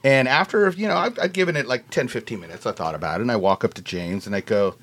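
A man tells a long anecdote on a podcast, acting out the people in it with a jumpy, excited delivery. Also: fast, few pauses. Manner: acts out quotes in a high excited voice, lots of "like" and "you know". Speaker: podcast guest telling a story. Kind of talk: animated storytelling.

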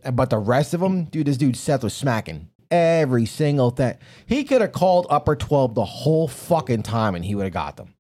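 A man's voice: mid-range voice, big pitch swings, brisk, hardly any pauses, darkish tone, faint music behind. Profane, rambling man podcast host. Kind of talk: casual chat.

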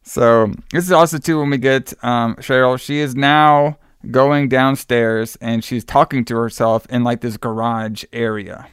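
Guy rambling through a movie recap, smooth voice, dry close mic. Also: medium pitch, steady tone, a little slow, few pauses, dry recording. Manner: rambling, many fillers and restarts.

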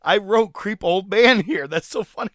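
Man, podcast co-host, casual chat, animated, bright voice, dry close sound. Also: high-pitched, normal speed, no echo. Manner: animated, laughs often, acts out quotes. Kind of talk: casual wrestling recap chat.

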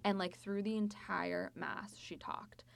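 A woman chatting casually about a book and telling a story, full of fillers and lively asides. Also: mid-range voice, measured pace, creaky, a little hiss or hum.

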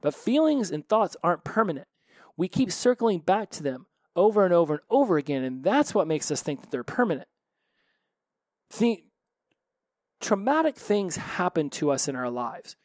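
A man's voice: sits high, normal speed, no room sound, studio quality. Earnest man hosting a recovery podcast. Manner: earnest, animated, repeats phrases for emphasis. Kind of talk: solo podcast monologue.

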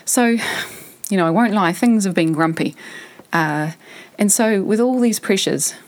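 A woman's voice: medium pitch, a little slow. A woman in her thirties hosting a podcast, talking frankly and reflectively as she thinks aloud. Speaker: podcast host. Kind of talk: candid personal monologue.

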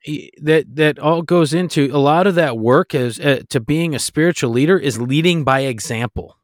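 A man's voice: on the high side, moderate pace, dry recording, studio quality. A man co-hosting a faith-based podcast, talking in an earnest, exhorting way with frequent restarts. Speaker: podcast co-host.

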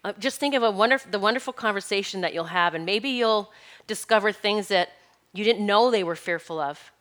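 Woman, middle-aged, bright clear tone, motivational spiritual teacher, emphatic and encouraging. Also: mid-range voice, fairly quick.

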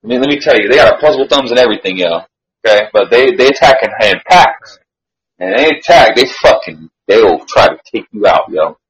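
A man telling a story in a casual chat, slangy, animated and swearing freely. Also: mid-range voice, fairly quick, low-quality recording.

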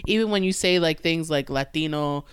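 A woman's voice: deep voice, moderate pace, clean tone, no echo, clean studio sound. A woman comedian telling stories on a podcast, swearing freely and acting out what audiences said. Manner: animated storyteller, swears freely, acts out crowd quotes. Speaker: comedian guest. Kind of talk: casual podcast chat.

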